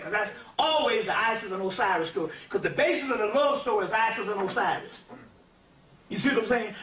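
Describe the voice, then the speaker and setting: Guy with a high-ish voice lecturing off the cuff, rambly and animated, mic kinda far off, roomy echo. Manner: animated, digressive, keeps asking "you see what I'm saying". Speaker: lecturer on spiritual history. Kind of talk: informal spiritual lecture. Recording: echoey room, distant mic, faint ambient noise.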